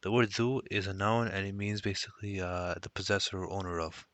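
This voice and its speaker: A man's voice: deep voice, fairly even intonation, fairly quick, a bit bright, no echo. A man teaching a recorded language lesson, explaining step by step and mixing Arabic phrases into his English.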